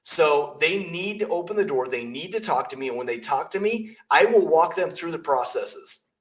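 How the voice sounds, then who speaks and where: A man's voice: on the high side, lively intonation, normal speed, low-quality recording. Emphatic man coaching on sales. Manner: emphatic, blunt, storytelling. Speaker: realtor and coach. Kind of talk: casual business podcast chat.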